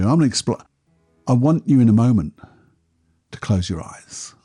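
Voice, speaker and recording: A man, a podcast host and therapist, talking a listener calmly through a guided exercise in a soft, unhurried voice. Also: mid-range voice, husky. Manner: calm, soft, unhurried guiding voice.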